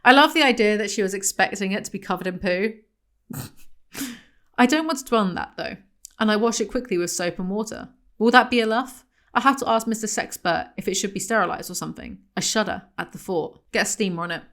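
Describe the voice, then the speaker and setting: A woman's voice: mid-range voice, brisk, a bit bright. A young woman reviewing a book for laughs, reading passages aloud and cutting in with sarcastic, mocking asides.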